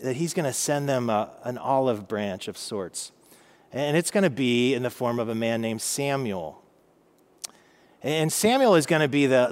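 A man in his thirties teaching a casual Bible lesson, chatty and humorous with many fillers. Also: medium pitch.

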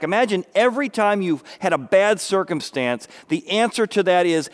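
A man preaching a sermon as a pastor. He speaks emphatically, asks his listeners rhetorical questions, and swings between loud bursts and quiet asides. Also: high-pitched, sing-song, moderate pace.

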